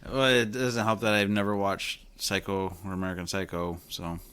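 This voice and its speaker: A man's voice: fairly low pitch, little pitch movement, normal speed, fairly bright tone, clear, resonant tone. A young man co-hosting a podcast, playful and joking in casual banter. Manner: playful, joking threats, laughs easily. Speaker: podcast co-host and contestant.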